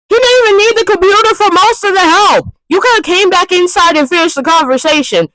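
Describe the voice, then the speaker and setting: A young woman vlogger in an exasperated, swearing rant, breaking into loud outbursts. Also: very high-pitched, brisk, hardly any pauses, dry recording, poor audio. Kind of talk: ranting vlog monologue.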